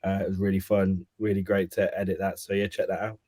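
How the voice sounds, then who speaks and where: Low flat Brummie man, upbeat. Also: fast talker, dry recording, clean studio sound. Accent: Birmingham. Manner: upbeat, laughs often. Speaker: guest content creator. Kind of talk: casual chat.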